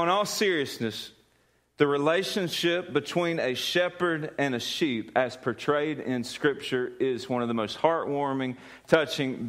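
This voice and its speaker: A man's voice: a little high, a bit bright. A man preaching a sermon in a folksy way, with frequent restarts and an earnest turn after a joke. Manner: folksy, repetitive restarts, tells a joke then turns earnest.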